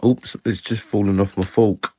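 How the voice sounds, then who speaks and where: A man's voice: fairly low pitch, flat delivery, normal speed, darkish tone, husky. A man leaving a casual voicemail for a podcast while eating, cheeky and gossipy. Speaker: caller.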